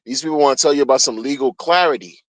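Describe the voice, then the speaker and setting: A man's voice: medium pitch, racing, no room sound, low-quality recording. A man streaming a heated solo rant, agitated and profane, often repeating himself.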